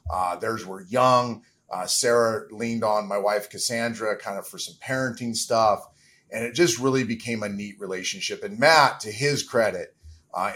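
A man's voice: fairly low pitch, fairly bright tone. A middle-aged man, a former pro quarterback, answering interview questions earnestly and reflectively, with frequent fillers.

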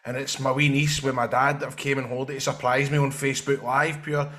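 A Scottish man rambles through a story in relaxed podcast chat, dropping swear words as he goes. His voice is bright and sharp at a middling pitch. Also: fast. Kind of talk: casual chat.

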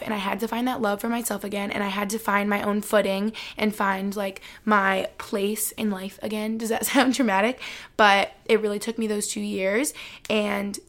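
A woman's voice: mid-range voice, fairly even intonation, normal speed. A young adult woman vlogger chatting casually to camera, giving earnest advice and saying "like" often.

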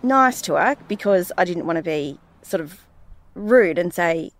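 A woman, co-hosting a casual podcast and telling stories in an animated way, acting out what people said. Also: on the low side, measured pace. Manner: animated storyteller, acts out quotes. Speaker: podcast co-host. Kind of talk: casual chat.

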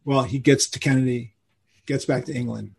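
Gravelly older man telling rock stories. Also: mid-range voice, moderate pace. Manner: animated anecdotes, acting out quotes. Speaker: guest musician. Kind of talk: storytelling in a podcast interview.

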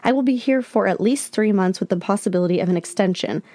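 Woman reading as rude male scam guest, slow, slightly raised, dry recording. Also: mid-range voice, warm tone, no echo, lightly acted. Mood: polite.

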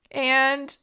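A young adult woman hosting a podcast, retelling a painful personal story in a halting, emotional way with many fillers. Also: sits high, bright, forceful tone. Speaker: podcast host.

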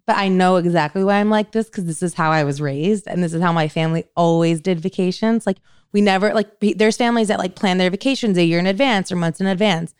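A young woman co-hosting a podcast, chatting casually and candidly, animated and self-mocking. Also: fairly low pitch, fast talker, clear, resonant tone, no echo, studio quality. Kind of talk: casual chat.

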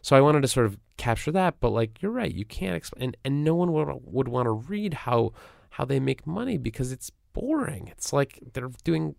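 A man's voice: mid-range voice, very animated, moderate pace, creaky, darkish tone, no echo, clean studio sound. A man being interviewed as a journalist and author, speaking casually with many fillers and restarts.

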